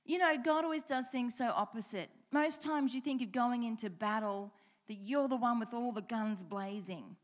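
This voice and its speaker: A woman's voice: fairly high pitch, moderate pace. A woman preaching a sermon, reading scripture aloud and repeating key lines with changing emphasis, asking the congregation direct questions.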